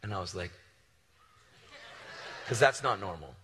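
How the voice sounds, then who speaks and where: A man preaching a sermon, telling stories in a casual, animated way with slangy asides. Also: sits low, unhurried, long reverb tail, slight background noise. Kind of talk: storytelling sermon.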